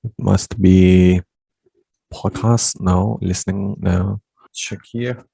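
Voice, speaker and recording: A man with a low, gravelly voice leads a pronunciation lesson at an unhurried pace. He drills word after word patiently. The sound is close and dry. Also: steady tone, warm tone, dry recording. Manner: slow, patient drilling with short affirmations. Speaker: spoken English teacher.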